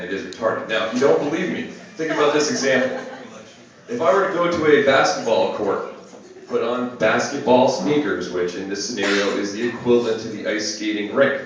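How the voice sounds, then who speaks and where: A young man performing a deadpan stand-up comedy set to a small audience. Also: lowish voice, a little fast. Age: young adult. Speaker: stand-up comic. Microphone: phone camera across the room. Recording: distant echoey phone video of a club set. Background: audience laughter.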